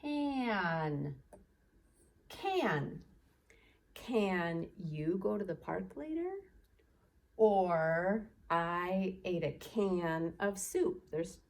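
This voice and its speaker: A woman teacher leading a children's phonics lesson, slowly sounding out letters and blending them into words with gentle encouragement. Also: fairly low pitch, vocal fry. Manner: gentle, encouraging teacher talk to young kids.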